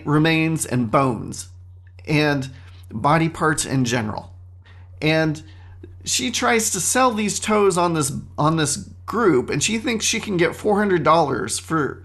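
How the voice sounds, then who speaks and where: A man hosting a solo podcast, telling a story in an animated, self-mocking way into a studio microphone. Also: a little high. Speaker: podcast host.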